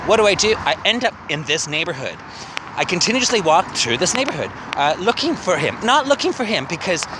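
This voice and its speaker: A man's voice: a little high, noisy background. A man walking outdoors and vlogging into a handheld phone, rambling, emotional and swearing a lot. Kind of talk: rambling walk-and-talk vlog. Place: outdoors walking past a city cemetery.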